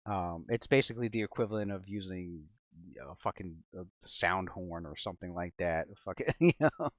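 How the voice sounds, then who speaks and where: Casual-talking male game master, swears a lot, very lively pitch, flat lo-fi sound. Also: normal speed, no room sound. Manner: profane, laughs often, mixes loose chat with dramatic description. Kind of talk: tabletop game narration, casual.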